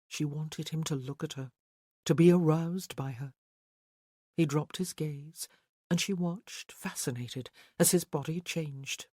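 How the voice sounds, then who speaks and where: Slow, dry-sounding audiobook narrator. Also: medium pitch, darkish tone, dry recording.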